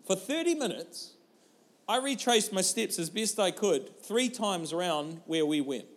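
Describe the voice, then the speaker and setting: A man in his thirties, a pastor preaching a sermon through an animated, humorous personal story. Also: sits high, measured pace.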